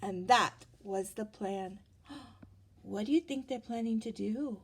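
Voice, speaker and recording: A woman reading a picture book aloud to children, pausing to ask them gentle questions. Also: mid-range voice, husky. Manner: gentle, asks the listener questions, gasps for effect.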